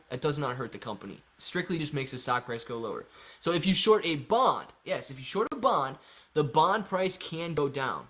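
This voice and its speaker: A man with a fairly high speaking voice hosts a casual live stream. He reads out viewers' comments, calls them "man" and "dude", and patiently walks through his answers. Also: fairly bright tone. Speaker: live-stream host answering chat questions.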